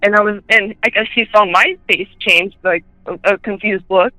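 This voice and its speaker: A woman telling personal ghost stories in a chatty way, full of fillers, and switching into high voices when she quotes people. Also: fairly even intonation, normal speed, pushed and bright, no room sound, poor audio. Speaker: guest.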